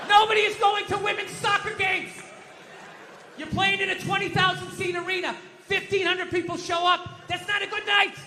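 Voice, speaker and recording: A man doing stand-up comedy, telling stories in a shouting, profane rant and putting on mock voices, on a comedy stage. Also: very high voice, normal speed. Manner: animated storytelling with mock voices. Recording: echoey live venue with audience noise.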